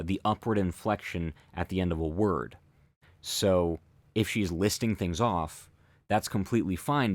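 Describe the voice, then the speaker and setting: A man hosting a commentary, explaining thoughtfully in a halting way with many fillers and restarts. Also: low-pitched, no room sound. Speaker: host analyzing body language.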